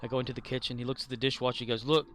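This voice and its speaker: A man's voice: medium pitch, flat delivery, rapid-fire, fairly bright tone, a little hiss or hum. Rambling man telling stories on stream. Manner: rambling, with fillers and restarts. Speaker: livestreamer. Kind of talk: casual storytelling on a game stream.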